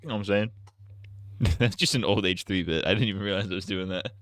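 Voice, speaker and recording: A man's voice: lowish voice, fast talker, a bit bright, dry recording. A man hosting a casual live stream, reacting to a video and cracking goofy, crude jokes between comments. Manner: joking, goofy asides and crude banter.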